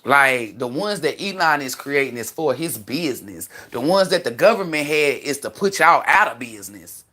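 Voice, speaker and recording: A woman hosting a livestream, rambling through stories in a loud, profane, animated way with many restarts. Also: very deep voice, normal speed. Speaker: livestream host. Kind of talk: casual livestream storytelling.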